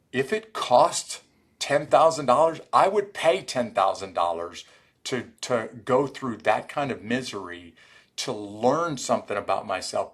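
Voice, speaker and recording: Husky middle-aged man telling war stories. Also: mid-range voice. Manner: animated storyteller acting out quoted dialogue. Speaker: guest, former Army Ranger. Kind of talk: storytelling in a podcast interview.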